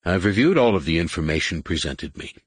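A man reading the part of a stern, dignified alien admiral who speaks in a dry, measured way. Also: sits low, animated, breathy edge, no room sound.

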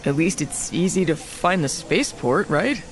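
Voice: medium pitch, animated, normal speed, lightly acted. A narrator voicing a nervous, earnest young male spy in an audiobook, pleading and a little aggrieved. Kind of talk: audiobook character voice.

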